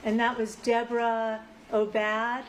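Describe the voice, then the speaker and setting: A woman attorney in a courtroom asking a witness short, measured questions. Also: on the high side, monotone, a little hiss or hum, poor audio. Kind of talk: courtroom examination.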